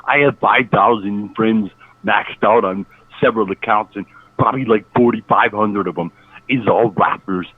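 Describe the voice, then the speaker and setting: A man's voice: on the low side, normal speed, breathy edge. A man calling in to a radio show, hesitant, with lots of ums and you-knows. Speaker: caller. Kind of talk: casual call-in. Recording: tinny phone line.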